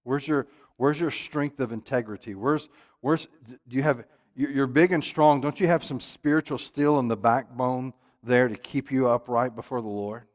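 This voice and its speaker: A man leading a church Bible study, emphatic, jumping from loud exclamations to quiet asides. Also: medium pitch, normal speed.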